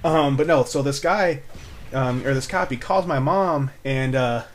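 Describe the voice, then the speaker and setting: A man in his twenties talks straight to the camera in a loose, meandering way. He fills gaps with ums and swears freely, at an everyday middle pitch. A faint hum of noise sits under his voice. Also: unhurried. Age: 20s. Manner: rambling and laid-back, with frequent fillers and swearing. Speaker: vlogger. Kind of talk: casual storytelling to camera.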